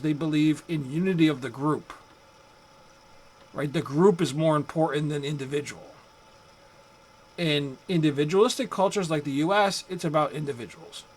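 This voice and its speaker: Man, psychology lecturer, slightly high voice, chatty, rhetorical asides. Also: poor audio. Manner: conversational, rhetorical asides, acts out angry drivers. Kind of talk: recorded classroom lecture.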